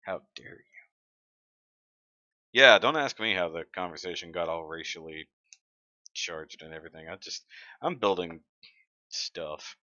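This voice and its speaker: Chatty male streamer, lowish pitch, dull dry desk-mic sound. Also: a little slow, long pauses, pushed and bright, no room sound. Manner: chatty, reads comments aloud, joking. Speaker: livestream host. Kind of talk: casual live-stream chat.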